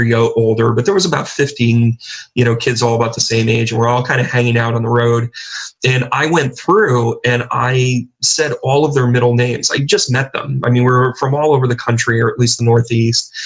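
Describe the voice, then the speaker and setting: A man's voice: mid-range voice, poor audio. A middle-aged man, a guest on a talk show, telling stories in a rambling way with many restarts and fillers. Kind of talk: casual interview talk.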